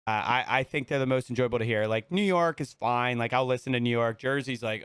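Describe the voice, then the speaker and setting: A man's voice: medium pitch, fairly quick, hardly any pauses, fairly bright tone, smooth, no echo, studio quality. A man co-hosting a casual podcast chat, talking chattily and repeating himself.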